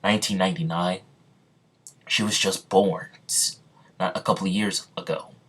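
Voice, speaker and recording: A man voicing a stern young male fighter, gruff and puzzled, in a flat, halting delivery in a storytelling recording. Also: low-pitched.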